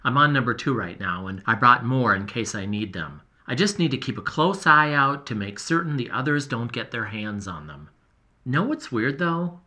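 A man voicing an earnest boy explorer who tells his journal everything, in a lively, emotional, confiding first-person delivery. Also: medium pitch. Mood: fretful. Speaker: narrator. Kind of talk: first-person audio storytelling.

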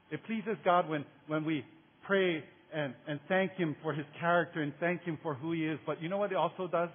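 Male pastor, high-pitched, casual animated storyteller; thin phone-like recording. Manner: animated storyteller, builds to excited peaks; casual slang, repeats words. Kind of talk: sermon with storytelling. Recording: tinny phone-like sound.

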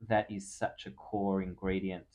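Man, podcast host, reflective, lots of fillers, very low voice. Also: flat delivery, unhurried, darkish tone. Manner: thoughtful, reflective, with many "you know" fillers. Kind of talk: casual conversational interview.

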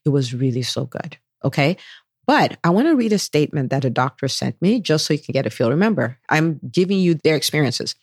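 A woman's voice: low voice, sing-song, fairly quick, slightly rough, dry recording, clean studio sound. A woman who is a physician hosting a solo podcast, talking with gushing enthusiasm and acting out what other people said.

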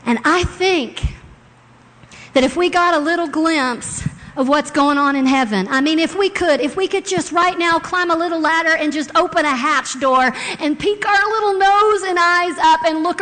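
A woman preaching a sermon in a church, expressive, moving between hushed reading and loud, sung passages. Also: very high-pitched, moderate pace. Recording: long hall reverb.

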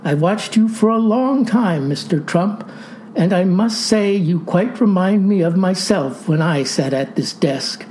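Comedy radio play: woman voicing a courtly old ghost statesman, low and soft-spoken. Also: lively intonation, a little slow, slight background noise, rough recording. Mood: courteous. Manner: formal and gentle.

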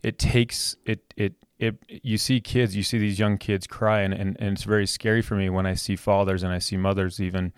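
Low-voiced dad telling a heartfelt story. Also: male voice, little pitch movement, moderate pace, hardly any pauses, smooth, no echo, studio quality. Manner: heartfelt, repetitive restarts. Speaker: podcast host. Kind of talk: personal storytelling.

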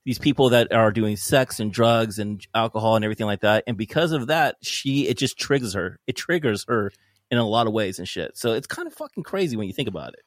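Mid-pitched male co-host, forceful and foul-mouthed, dry recording. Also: lively intonation, brisk, dry recording. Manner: emphatic, swears often. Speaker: podcast co-host. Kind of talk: casual film review chat.

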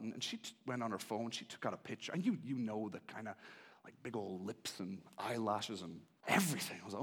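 A man preaching a sermon, impassioned and pleading, who moves from hushed tones to shouting and repeats his appeals. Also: fairly low pitch, expressive, fast, breathy edge.

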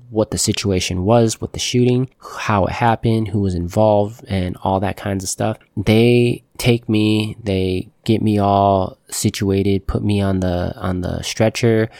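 A young man with a low, gravelly voice, recorded dry and close. He recounts his own story in halting casual speech. He restarts often and leans on fillers. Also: darkish tone, dry recording. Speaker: shooting survivor telling his story. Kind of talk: personal storytelling.

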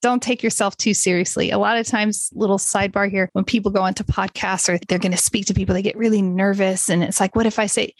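A woman's voice: mid-range voice, steady tone, fast talker, few pauses, no echo. A middle-aged woman hosting a solo podcast, chatty and encouraging, sometimes laughing at herself. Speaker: podcast host. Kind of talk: casual solo podcast talk.

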